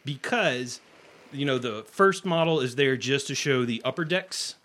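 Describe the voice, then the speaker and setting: A man's voice: mid-range voice, unhurried, a bit bright. A man running a tabletop game as game master, explaining the scene plainly with side jokes.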